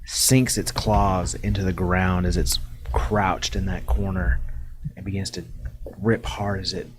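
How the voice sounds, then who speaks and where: A man narrating a tabletop game as game master, in a slow, measured way. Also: deep voice, level tone, noisy background.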